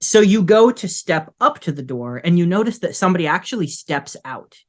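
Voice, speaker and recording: A man's voice: high voice, big pitch swings, brisk, a little mellow. A man narrating as game master of a tabletop game, rambling with many fillers. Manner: rambling, full of "like" and "uh".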